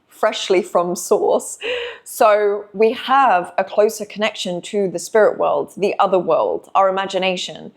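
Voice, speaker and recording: A woman giving a spiritual message to her viewers in an earnest, reflective manner, slowing down and drawing out phrases. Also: medium pitch. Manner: soft, earnest, reflective, with slow drawn-out phrases. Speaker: intuitive reader and channel host.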